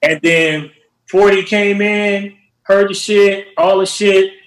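Brief: male producer guest, slightly high voice, lively storyteller, echoey room. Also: takes it slowly. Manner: animated, acts out quotes with shouted voices. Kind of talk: casual storytelling interview. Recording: roomy echo.

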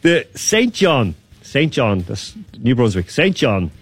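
A man's voice: medium pitch, sing-song, slow, husky, soft background music. A man hosting a casual radio quiz, teasing his guests and laughing often. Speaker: quiz host.

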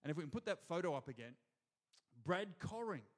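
A man with an Australian accent preaching a sermon to a church congregation, energetic and calling out to the crowd. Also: a little high, brisk. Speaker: pastor. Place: church hall before a congregation.

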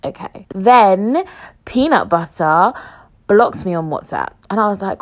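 A woman's voice: medium pitch, lively intonation, a little slow. A young woman hosting a solo podcast, rambling and joking at herself as her thoughts jump around. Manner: rambling, jokey, self-mocking, jumps between thoughts. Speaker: podcast host. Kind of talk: solo casual chat podcast.

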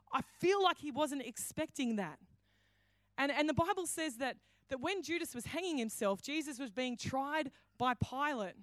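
A woman's voice: sits high, no room sound. Woman pastor preaching. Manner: storytelling, acts out quoted lines, frequent restarts. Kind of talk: sermon.

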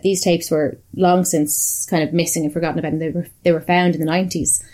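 Chatty Irish woman with a warm low voice. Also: little pitch movement, fast. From Ireland. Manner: chatty and profane, storytelling. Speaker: podcast co-host. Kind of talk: casual chat.

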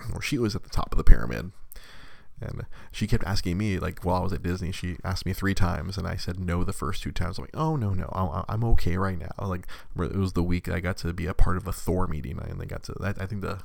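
A man's voice: sits low, vocal fry, dry recording. A man telling stories from his working life in a casual chat, laughing often and acting out what people said. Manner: laughs often, acts out quoted voices; restarts and repeats words when excited.

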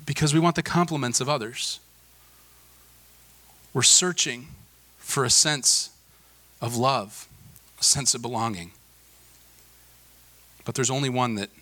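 A man in his thirties preaching a sermon, earnest, swelling to emphatic peaks and then dropping soft. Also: medium pitch. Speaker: pastor.

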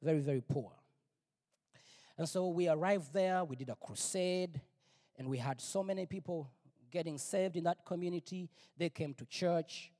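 A middle-aged male pastor preaching a personal testimony, emphatic and repetitive, sometimes rising to near-shouts. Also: a little high, moderate pace. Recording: long reverb, big hall.

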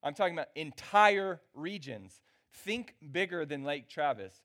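A man's voice: a little high, lively intonation, unhurried, a bit bright. A man preaching a sermon as pastor, talking casually and checking in with the congregation. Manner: conversational, checks in with the crowd. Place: church gathering.

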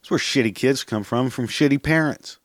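A man hosting his own podcast, venting in a loose, profanity-laced rant and chuckling at his own punchlines. His voice sits at an ordinary middle pitch. The sound is close and dry, with no room around it. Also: moderate pace, no room sound. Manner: profane, blunt, laughs at his own jokes. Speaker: podcast host. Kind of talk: casual solo rant.

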